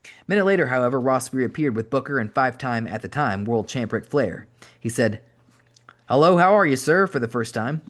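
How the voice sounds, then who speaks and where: Brisk man reading an audiobook. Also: medium pitch. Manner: brisk, wry first-person reading. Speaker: podcast host reading an audiobook. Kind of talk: audiobook narration.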